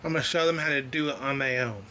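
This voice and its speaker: A man hosting a music reaction video, talking in an excited, earnest and chatty way as he tells stories between tracks. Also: mid-range voice, fast talker, a little hiss or hum. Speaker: music reaction channel host. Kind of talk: casual reaction commentary.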